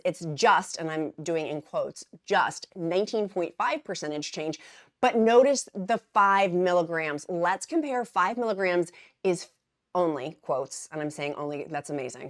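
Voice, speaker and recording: A woman vlogger talking casually and emphatically to her viewers, repeating words for stress and dropping into quieter asides. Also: on the low side. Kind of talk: casual explainer vlog.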